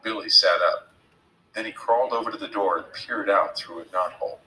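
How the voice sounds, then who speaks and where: A man narrating a children's storybook in an expressive, storytelling manner. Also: fairly low pitch, a little fast, echoey room, rough recording. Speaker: audiobook narrator. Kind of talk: storybook reading.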